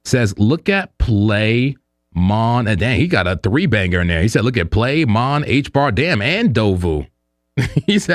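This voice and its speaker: Dude hosting a crypto stream, low voice, joking around a lot, dry sound. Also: male voice, a little slow, dry recording. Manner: animated and joking, with frequent fillers and laughs. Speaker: host of a crypto trading livestream. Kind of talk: casual live-stream chat.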